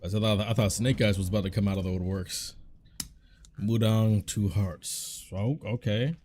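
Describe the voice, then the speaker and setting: A man hosting a casual reaction video, thinking out loud and guessing and second-guessing as he comments into a desk microphone. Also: on the low side, steady tone, normal speed, a little hiss or hum. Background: faint trailer music.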